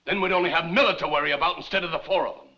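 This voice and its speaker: A man's voice: on the high side, racing, pushed and bright. An actor playing a townsman sharply accusing the marshal, heard at a distance on an old lo-fi film soundtrack.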